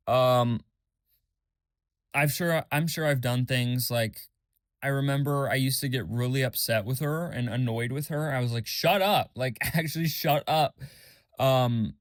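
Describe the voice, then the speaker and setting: A man's voice: dry recording, clean studio sound. A young man hosting his own podcast, rambling candidly in a casual journal-style monologue with lots of fillers and swearing. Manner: mimics others in a high mocking voice. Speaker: podcast host.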